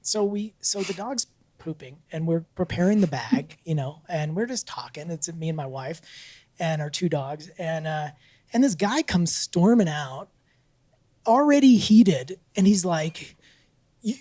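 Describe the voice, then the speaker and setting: A man's voice: fairly high pitch, moderate pace, no echo. A man co-hosting a podcast, telling a story casually, laughing often and acting out what people said. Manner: animated, laughs often, acts out quotes. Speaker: podcast co-host.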